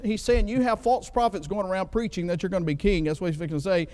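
A man's voice: high-pitched, steady tone, fast talker, hardly any pauses, darkish tone. A man preaching a sermon in a conversational way, often checking in with "right?" as he explains scripture. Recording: long reverb of a large hall.

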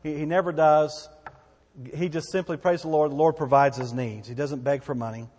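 A man's voice: a little high, fairly even intonation, moderate pace, darkish tone, big-room sound. A man preaching a sermon as a pastor, in a conversational, folksy way with asides and repeated phrases.

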